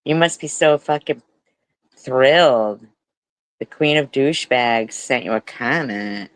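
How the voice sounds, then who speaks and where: A man talks over a clip with heavy sarcasm, mocking and swearing often. He speaks slowly and deliberately. His voice is recorded dry and close, with no room sound. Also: medium pitch, fairly bright tone, smooth, no room sound, low-quality recording. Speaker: commentary host. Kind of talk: profane reaction commentary.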